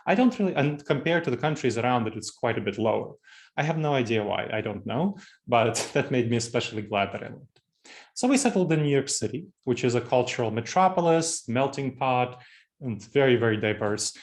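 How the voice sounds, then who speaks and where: Moldovan-accented man giving a leadership talk. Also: medium pitch. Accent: Eastern European. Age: 40s. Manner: conversational, repeats key phrases for emphasis. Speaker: keynote speaker. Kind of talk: leadership presentation.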